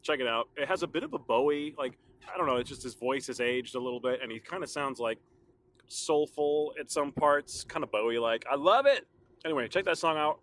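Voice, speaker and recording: This podcast host talks solo in a loose, casual, rambling way, laughing frequently despite a slightly sore throat. He speaks briskly, his voice on the high side and a bit bright.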